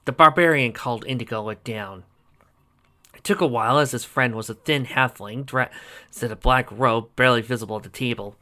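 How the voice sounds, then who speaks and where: A reader narrating a fantasy fan fiction story aloud at an even, steady pace. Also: medium pitch, normal speed.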